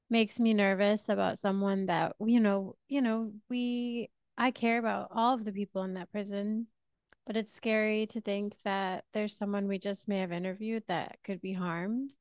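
A woman's voice: mid-range voice, fairly even intonation, normal speed, darkish tone, smooth, no room sound. A woman co-hosting a podcast, speaking in an earnest, concerned way in casual discussion. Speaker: podcast co-host. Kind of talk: casual chat.

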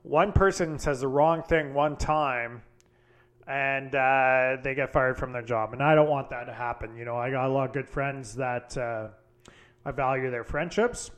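A man's voice: mid-range voice, a little slow, a bit bright. A man hosting a solo podcast, telling a story in a casual, candid way with frequent fillers and swearing. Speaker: podcast host.

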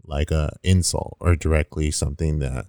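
A young man with a very deep, warm voice, smooth and resonant. He rambles through a casual story with lots of "like" fillers, recorded close and dry. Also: fairly even intonation, normal speed, dry recording. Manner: rambling, heavy use of 'like', swears casually.

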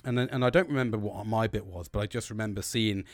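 A man's voice: fairly low pitch, fast, no room sound, clean studio sound, faint music behind. A British man casually telling a long story about his dreams, swearing constantly and laughing as he goes. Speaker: host recounting his dreams.

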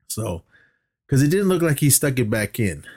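A man's voice: medium pitch, big pitch swings, moderate pace, a little mellow, husky, no echo, studio quality. A man co-hosting a podcast, recapping a movie in a casual, rambling way with lots of fillers and restarts, coughing now and then. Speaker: podcast co-host.

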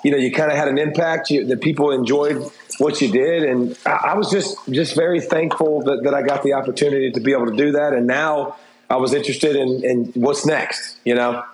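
A man's voice: mid-range voice, fairly even intonation, a little fast, a little hiss or hum. Candid middle-aged man in a roomy space. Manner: candid, rambling, frequent restarts and fillers. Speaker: interview guest, former TV football analyst. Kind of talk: casual interview talk. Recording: roomy echo.

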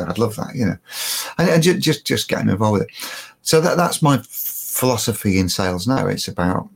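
A man's voice: mid-range voice, animated, fairly quick, gravelly, slightly rough. An older man, a guest telling stories in a rambling, self-mocking way, full of restarts. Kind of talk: casual storytelling.

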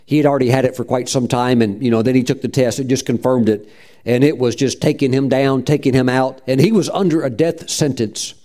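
A man's voice: medium pitch, fairly even intonation, a little fast, warm tone. A middle-aged man preaching a sermon as pastor, fervent, punctuating his points with "praise God" and acting out quoted voices.

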